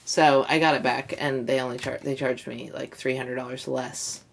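A woman's voice: extremely low pitch, little pitch movement, moderate pace, gravelly, a crowd in the background. A woman co-hosting a podcast, telling blunt, self-deprecating stories in casual chat. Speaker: podcast co-host.

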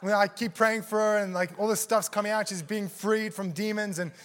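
A man with a high voice preaches to a church congregation. He tells a story with lots of energy, acting out the people in it with gasps and laughter. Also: a little fast. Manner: animated, acts out quotes with gasps and laughs. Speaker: guest preacher. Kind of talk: sermon storytelling. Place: church service.

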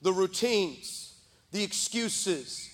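Animated high-voiced preacher in echoing church. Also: male voice, drawn-out words. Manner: animated, shouting at peaks, comic asides. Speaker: pastor. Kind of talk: energetic storytelling sermon. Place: large church sanctuary. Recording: long church hall reverb.

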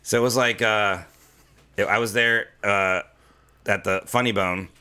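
A man chatting casually as a comedian and podcast host, telling rambling stories, swearing freely and slipping into quick voices for other people. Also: lowish voice, steady tone, pushed and bright, clear, resonant tone. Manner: fast rambling storyteller, swears, does voices. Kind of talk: casual chat. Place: Los Angeles.

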